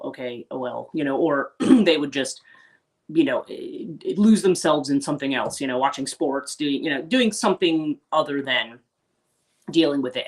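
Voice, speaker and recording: A woman hosting a spiritual life coaching livestream, talking casually and rambling, with many restarts and acted-out quotes. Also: very deep voice. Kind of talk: casual unscripted livestream talk.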